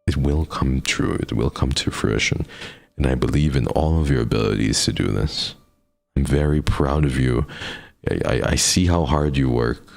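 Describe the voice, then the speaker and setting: Super low gravelly guy on a livestream, hyping up his chat all affectionate. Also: normal speed. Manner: affectionate and encouraging, pep-talk tone.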